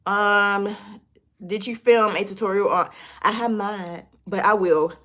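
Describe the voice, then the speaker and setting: A woman's voice: mid-range voice, fairly even intonation, a little slow, fairly bright tone. A woman hosting a casual beauty livestream from her desk, chatting loosely and talking straight to her viewers while reading their comments.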